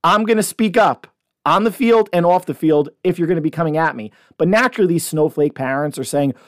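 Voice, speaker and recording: A middle-aged man talks straight into the mic in a casual, unscripted rant. His delivery is blunt and animated, voice sitting a little on the high side. The sound is dry and close, with no room around it. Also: brisk, no room sound. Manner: blunt, animated ranting storyteller. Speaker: podcast host. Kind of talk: casual monologue.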